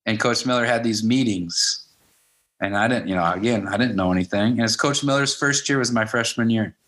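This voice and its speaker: A man in his fifties tells stories in a relaxed interview, speaking as a high school wrestling coach. His voice sits somewhat low. He keeps slipping into the voices of the people in his stories, quoting what each one said. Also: fairly quick. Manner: anecdotal, acts out quoted dialogue with "I'm like". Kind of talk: casual storytelling interview.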